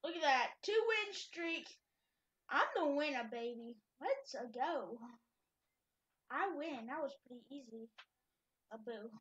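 A woman's voice: high-pitched, expressive, slow pace, pauses often, fairly bright tone, dull audio. A woman giving playful, chatty gameplay commentary, talking to herself with sudden exclamations. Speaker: gamer.

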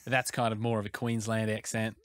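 A man's voice: lowish voice, little pitch movement, brisk, fairly bright tone, dry recording, studio quality. An Australian man chatting casually as a podcast guest, thinking aloud with restarts. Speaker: guest producer.

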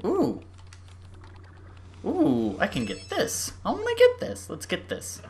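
A young adult gaming YouTuber giving excitable let's-play commentary, gushing and swinging from squeals to murmurs. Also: high voice, slow pace, creaky.

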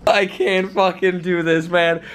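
A man's voice: high voice, flat delivery, a little slow, a bit bright, slight background noise. A young man hosting a trip video, exasperated and swearing as he jokes with friends. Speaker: video host. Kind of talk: casual banter among friends.

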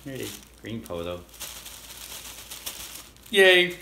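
A low-voiced man rattles through a casual storytime vlog at a quick clip, his tone bright and forward. He acts out both sides of each exchange, and he sounds a little under the weather with the odd cough. The recording has a roomy echo. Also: a little hiss or hum. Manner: animated storyteller, acting out quoted dialogue. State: feeling sick, occasional coughs. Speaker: vlogger.

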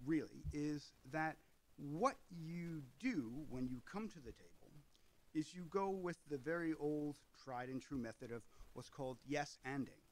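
A man's voice: mid-range voice, poor audio. Man explaining, with digressive asides. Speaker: host. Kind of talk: explainer video on tabletop gaming.

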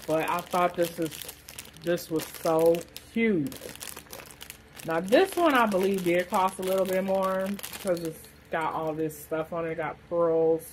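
A woman's voice: lowish voice, unhurried, slight background noise, low-quality recording. A woman casually chatting through a shopping haul, rambling with lots of fillers. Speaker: vlogger showing a shopping haul. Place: hot room with a fan blowing.

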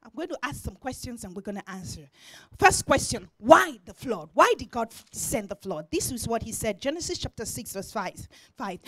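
A woman preaching a sermon in church, swinging from shouted declarations to near-whispers. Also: a little high, big pitch swings, normal speed, no echo.

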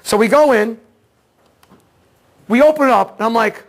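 Very high-voiced excitable male instructor. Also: moderate pace, pauses often. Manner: excitable storytelling, acts out dialogue; casual slangy talk, repeats words. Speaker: automotive diagnostics instructor. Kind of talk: seminar lecture.

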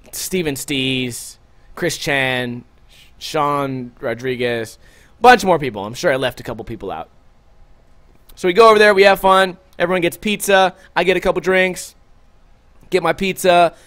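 Animated, profane male podcast host. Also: fairly high pitch. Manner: animated, profane storytelling with acted-out quotes. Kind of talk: casual storytelling podcast.

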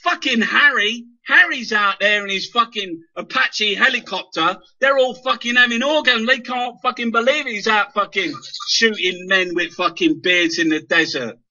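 Man, high and sharply bright, furious sweary stammering rant, dull lo-fi sound. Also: moderate pace. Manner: heavy swearing, repeated stammered words. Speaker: guest. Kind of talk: impassioned political rant. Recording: dull lo-fi internet radio audio.

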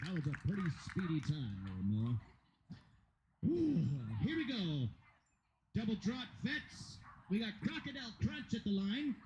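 At a dog agility competition, a commentator rambles and jokes his way through live commentary, poking fun at himself. His voice is high-pitched, sing-song and a bit slow, with heavy background noise at the venue.

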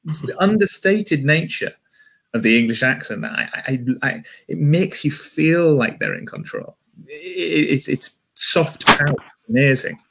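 A man's voice: a little high, lively intonation, a little slow, gravelly, fairly bright tone, husky. A man with a Yorkshire accent doing a wry stand-up comedy set from home, often restarting his phrases.

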